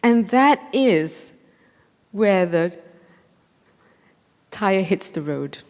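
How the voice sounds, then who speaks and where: A woman's voice: medium pitch, drawn-out words. Woman telling a story in a reverberant hall. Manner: animated, acts out dialogue with laughs. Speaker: mindfulness trainer giving a conference talk. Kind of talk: storytelling lecture. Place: large conference hall.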